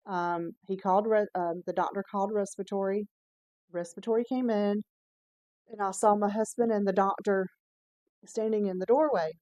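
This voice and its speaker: Woman vlogger, candid storytelling, mid pitch, dry close sound. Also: fairly even intonation, normal speed, mellow, no echo, lo-fi sound. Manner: chatty, candid, with frequent "um" and self-corrections. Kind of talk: casual personal storytelling.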